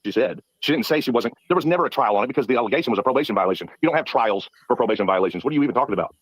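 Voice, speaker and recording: A man's voice: mid-range voice, expressive, racing, husky, no room sound, low-quality recording. A man arguing heatedly as a panel guest, indignant and combative. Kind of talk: heated debate.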